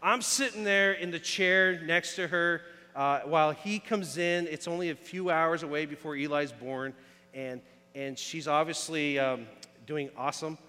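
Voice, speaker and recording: A man's voice: on the high side, unhurried, pushed and bright, clean tone. A man in his thirties preaching a casual sermon, telling stories and asking the congregation questions. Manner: casual storytelling with audience questions. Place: church sanctuary. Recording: echoey hall.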